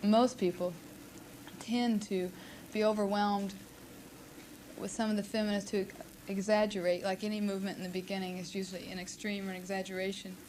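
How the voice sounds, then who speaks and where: A woman speaking in a measured way in an archival interview clip. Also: medium pitch, flat delivery, darkish tone, a little hiss or hum, rough recording.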